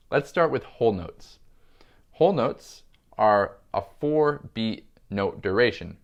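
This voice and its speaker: A man teaching a music lesson, calmly explaining and counting beats aloud. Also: on the low side, lo-fi sound. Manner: calm, steady instruction, counting beats aloud.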